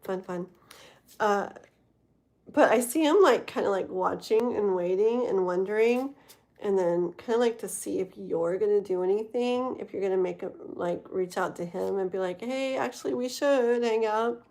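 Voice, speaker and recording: A woman's voice: medium pitch, moderate pace, darkish tone. A woman hosting a live tarot stream, chatting casually to viewers, rambling with lots of fillers and frequent laughs. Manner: rambling, many fillers and trailing thoughts; talks to chat viewers, laughs often.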